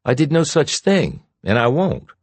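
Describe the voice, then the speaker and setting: A man voicing a sharp, self-assured female TV reporter who is brisk and cutting, in an audiobook. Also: a little high, huge pitch swings, no room sound, voice pushed up. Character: sharp, ambitious woman TV reporter.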